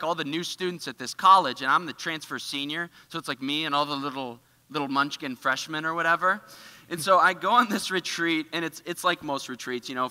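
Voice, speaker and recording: A man giving a casual, animated storytelling sermon in a church, full of filler words. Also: on the high side, smooth, in a large hall. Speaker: church speaker. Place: church auditorium.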